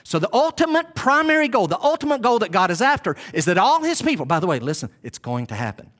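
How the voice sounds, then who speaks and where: A male pastor preaches with a high voice that swoops up and down. He speaks straight to his congregation and repeats his main phrases to drive them home. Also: big pitch swings, fast talker, fairly bright tone. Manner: emphatic, repeats key phrases; addresses the congregation directly. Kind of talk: sermon.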